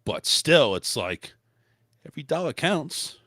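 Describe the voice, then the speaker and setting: A man's voice: on the high side, very animated, measured pace, bright, forceful tone, no room sound, clean studio sound. A man hosting a casual talk show, rambling with restarts and the odd curse. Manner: loose, rambling delivery with frequent restarts and mild swearing. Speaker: podcast host. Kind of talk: casual chat.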